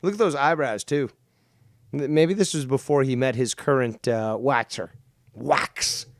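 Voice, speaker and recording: A man's voice: medium pitch, a little slow, no room sound. A man hosting a casual live-stream talk show, brash, sarcastic and teasing. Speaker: host.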